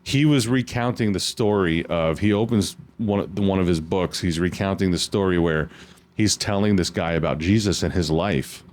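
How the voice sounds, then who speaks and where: A man from the United States, a podcast host, talking about faith in an earnest, animated storytelling way with many restarts. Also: sits low, moderate pace. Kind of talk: casual faith chat.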